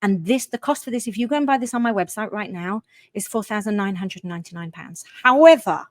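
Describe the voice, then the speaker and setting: A woman coaching parents, pitching her program with gushing, emphatic enthusiasm. Her voice sits in a middle register and is recorded close and dry, with no room sound. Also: fast talker, no room sound. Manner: enthusiastic and effusive, emphatic bursts.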